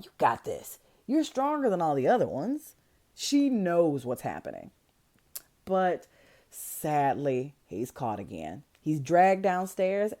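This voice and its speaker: A woman hosting a podcast, recapping a movie in a casual, slangy way, full of "like" and lively asides. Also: low-pitched. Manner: animated, filler-heavy, slangy storytelling. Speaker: podcast host.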